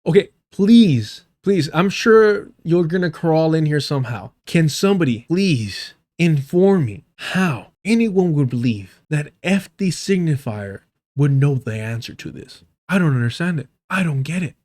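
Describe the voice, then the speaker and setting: A man's voice: fairly high pitch, moderate pace. A man hosting a live stream, ranting in profane, mocking commentary while reacting to a debate clip. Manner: profane, mocking, animated rants to chat. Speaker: streamer host reviewing a debate.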